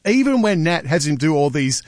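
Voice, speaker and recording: Man radio host, light joking chat, higher voice, dry booth. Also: sing-song, fairly quick, dry recording.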